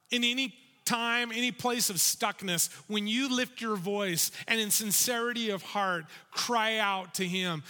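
A pastor preaching with animated urgency, his voice pitched high and ringing bright. A long hall reverb trails behind each phrase in the sanctuary. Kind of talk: sermon.

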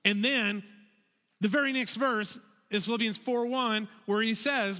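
A man with a high, bright voice leads a children's sermon, speaking slowly and drawing out his words. He keeps asking the kids to say phrases back to him. His voice rings with the long reverb of a large hall. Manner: animated, calls for audience repetition. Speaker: children's pastor.

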